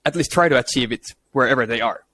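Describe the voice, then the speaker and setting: A man hosting a podcast asks long questions in a halting way, restarting and filling pauses with "uh." His voice sits at a middle pitch. A faint noise stays under him. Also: bright, forceful tone. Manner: halting, many restarts and fillers. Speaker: podcast host. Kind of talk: interview questions.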